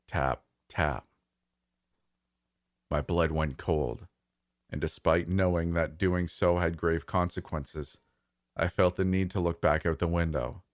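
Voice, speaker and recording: A man narrating a first-person horror story in a slow, measured, somber way. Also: low voice, darkish tone, dry recording, clean studio sound.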